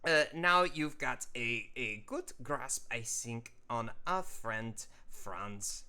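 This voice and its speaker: A man with a bright voice talks slowly as he draws, rambling and correcting himself. His pitch rises and falls freely. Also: expressive, clean tone. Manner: rambling, with many fillers and self-corrections. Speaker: host. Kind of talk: casual commentary while drawing.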